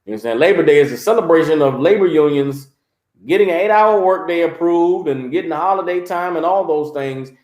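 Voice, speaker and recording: High-voiced man preaching. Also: brisk, reverberant. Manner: animated, mocking, repeats "You understand?". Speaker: religious teacher. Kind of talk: livestreamed preaching.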